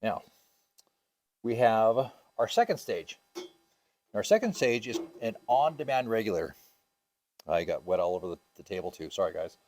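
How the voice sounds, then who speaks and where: A man's voice: on the low side, expressive, moderate pace, pauses often, darkish tone, slight background noise. A man teaching a scuba diving class, casual and upbeat, with many ums and uhs, asking the class questions.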